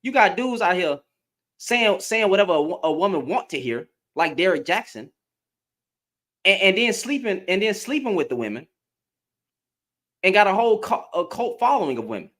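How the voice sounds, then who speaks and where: A man's voice: high voice, very animated, normal speed, pauses often, a bit bright. A man hosting a livestream, ranting in heated, emphatic commentary, repeating and restarting his words. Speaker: livestream host.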